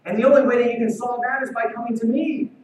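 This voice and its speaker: A man's voice: extremely high pitch, steady tone, quick pace. Man, pastor, earnest sermon, distant mic, heavy hall echo, faint background hiss. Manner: earnest, emphatic preaching. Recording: very echoey hall, far from mic.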